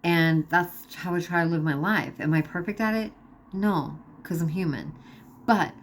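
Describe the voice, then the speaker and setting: A woman records a personal video diary with a somewhat low voice. She talks earnestly and with emphasis, straight to her viewers. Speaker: vlogger.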